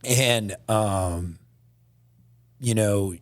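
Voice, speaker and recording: A man, a podcast guest, shaken and emotional, telling his story haltingly with many restarts. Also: on the low side, no echo.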